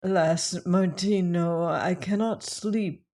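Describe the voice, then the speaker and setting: A reader voicing a fierce but wounded young woman who speaks softly and wearily in old-fashioned phrasing, for an audiobook. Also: mid-range voice, fairly even intonation, slow pace. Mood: weary. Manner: soft, weary, archaic speech.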